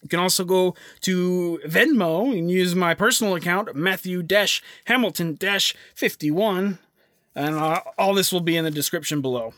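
A young man with a high, bright voice hosts a casual podcast. He rambles, fills gaps with "uh" and restarts his sentences. The sound is close and dry. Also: moderate pace, no echo. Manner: rambling, filler-heavy, self-interrupting. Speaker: podcast host.

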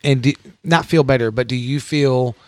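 A man hosting a casual chat in a friend's garage, animated and joking, swearing freely. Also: medium pitch, normal speed, no room sound. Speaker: host.

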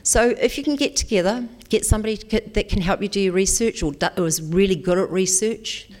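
NZ woman speaker, encouraging, mid pitch, keeps checking in with the audience. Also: a little fast, darkish tone. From New Zealand. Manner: encouraging, repeats "okay?" to check in. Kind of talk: motivational talk to an audience.

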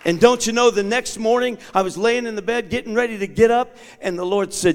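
A man with a somewhat high voice preaches from a church pulpit, and his words ring out in the long reverb of a large sanctuary. He tells his story dramatically, acting out each exchange and moving between hushed asides and loud, fervent proclamation. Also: a little fast, few pauses. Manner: swings from quiet asides to shouted proclamation. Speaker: guest bishop preaching. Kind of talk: sermon.

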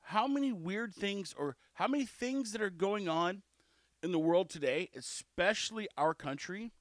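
Male solo podcaster, casual and cheeky, lively swinging delivery. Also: high-pitched, no room sound, studio quality. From South Texas. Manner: chatty, cheeky, animated storytelling. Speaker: podcast host.

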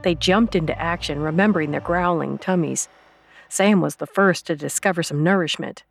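Low-voiced woman reading a story. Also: moderate pace, vocal fry, no echo, faint music behind. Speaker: narrator. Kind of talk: audiobook narration.

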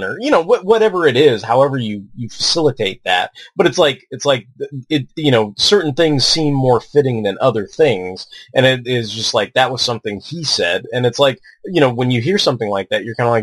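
Male podcast co-host, middle pitch, dry close sound, rambling and cursing casually. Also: expressive, a little fast, breathy edge, no echo. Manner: rambling, stammering, swears freely, heavy filler words.

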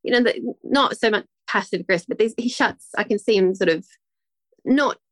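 A woman's voice: medium pitch, a little fast, fairly bright tone, dry recording. A woman, a guest telling a personal story in a rambling, emotional way with many restarts. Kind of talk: casual interview talk.

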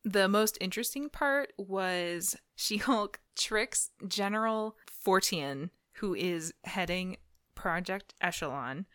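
A woman's voice: mid-range voice, slow, a bit bright, smooth, dry recording, clean studio sound. A woman co-hosting a podcast in casual chat, talking with lots of fillers and frequent laughs. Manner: chatty, laughs often, many fillers. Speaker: podcast co-host.

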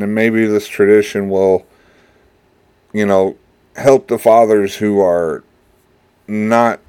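A middle-aged man holds forth in a loose, wandering monologue, drifting off topic and reeling himself back with a wry, grumbling edge. His voice sits low, and he takes his time, stretching out his words at an unhurried crawl. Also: darkish tone, clean tone. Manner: rambling, digressive, wry complaining. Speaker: show host, father. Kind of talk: casual monologue.

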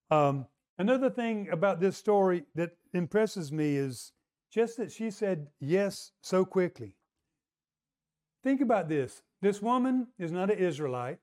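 A man's voice: fairly high pitch, darkish tone. A man preaching a sermon in a conversational way, often checking in with the congregation. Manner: conversational, calls for audience response.

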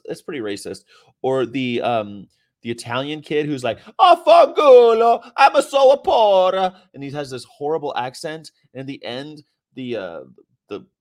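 A male host talking loosely on a livestream, swearing casually as he wanders between topics. His voice sits at an ordinary middle pitch. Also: darkish tone. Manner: rambling, profane, chatty.

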